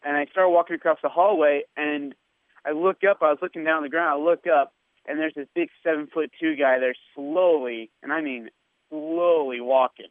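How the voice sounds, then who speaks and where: A man who is a radio sports host, excitedly telling an anecdote and acting out the quoted lines. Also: a little high, brisk, dry recording. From India. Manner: animated anecdote teller, acts out quoted lines. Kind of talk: casual storytelling. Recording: tinny phone-like line.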